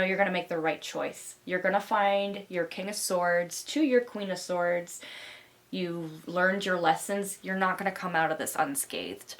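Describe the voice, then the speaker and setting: A woman's voice: fairly low pitch, fairly bright tone. A young woman giving a pick-a-card tarot reading, talking in a rambling, reassuring way with many fillers. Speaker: tarot reader.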